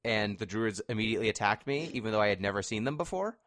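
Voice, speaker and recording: A man's voice: lowish voice, expressive, fast, fairly bright tone, dry recording. Dry-sounding man explaining game tips. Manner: explains at length, wry asides. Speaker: podcast co-host. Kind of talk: casual podcast chat.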